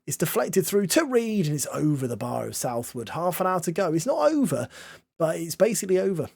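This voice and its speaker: A man calls his football management match in a mock-commentator style, breaking off for wry, self-deprecating asides. His voice sits fairly high and swings widely in pitch. It is close and dry, with no room sound. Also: fairly quick, creaky, no room sound. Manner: lively, self-mocking, mock-commentator delivery. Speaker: gaming YouTuber. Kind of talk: playful game commentary.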